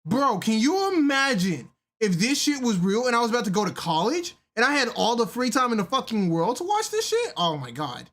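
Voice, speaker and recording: A woman co-hosting in casual reaction chat who is excitable and swears freely. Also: on the high side, a little fast, hardly any pauses.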